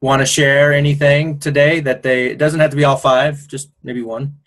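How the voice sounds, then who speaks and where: A man's voice: fairly high pitch, little pitch movement, moderate pace, fairly bright tone. A man hosting a group video call, talking in an enthusiastic, encouraging and rambling way as a coach. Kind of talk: casual motivational group call.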